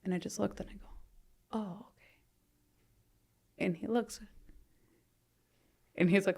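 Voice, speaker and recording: A woman's voice: medium pitch, steady tone, measured pace, gravelly, pauses often, slightly rough. A woman in her thirties telling her own story as a podcast guest, chatty and full of "you know", her sentences often fading to a near-whisper. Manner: conversational, frequent "you know", trails off softly to near-whisper. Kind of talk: candid personal storytelling in interview.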